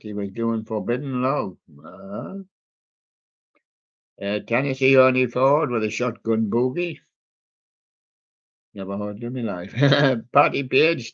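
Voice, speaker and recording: A man drifts through a playlist at an unhurried pace, trailing off into ums and small jokes. His voice sits in a middle register. The sound is muffled and lo-fi, like a home stream. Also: mid-range voice. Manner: slow, rambling and jokey, with many ums and asides. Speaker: livestream host reading out a music playlist. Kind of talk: casual running commentary between old songs.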